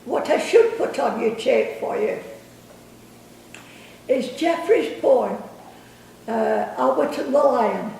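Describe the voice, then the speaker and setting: An older woman telling family stories in a halting, chuckling way, losing her thread now and then. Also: high-pitched, animated, creaky, warm tone. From England. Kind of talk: casual storytelling. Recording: echoey room from a distance.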